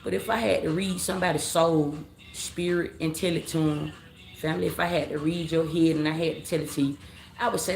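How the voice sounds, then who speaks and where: A woman's voice: low-pitched, steady tone, brisk, creaky, darkish tone. A woman reading tarot on a late-night live stream, talking casually in slang, rambling, repeating herself and calling her viewers family. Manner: rambling, repeats phrases, scolds commenters. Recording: roomy echo with faint background noise.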